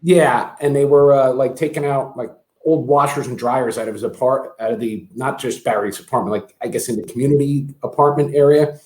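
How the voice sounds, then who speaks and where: A man chatting casually as a guest, halting, with restarts and laughs at his own stories. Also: mid-range voice, darkish tone, roomy sound. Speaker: guest, brother of the host. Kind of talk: casual chat.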